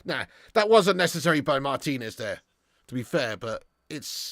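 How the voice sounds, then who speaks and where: A man hosting a live football watch-along, commentating and reading viewer chat, excitable and swearing freely. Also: mid-range voice, moderate pace, dry recording, studio quality. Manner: excitable, swears freely, swings from muttering to shouting. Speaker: fan channel host.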